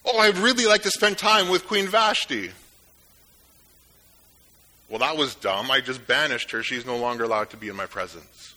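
A man's voice: medium pitch, expressive, moderate pace, long pauses, pushed and bright, voice pushed down. A man preaching who voices an arrogant, boastful ancient king in a swaggering, self-satisfied tone, retelling a Bible story. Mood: regretful.

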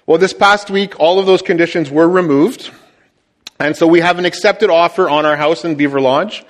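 A man's voice: fairly high pitch, moderate pace. A man, preaching as a pastor with chatty, self-deprecating humor and frequent fillers. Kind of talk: sermon with church announcements.

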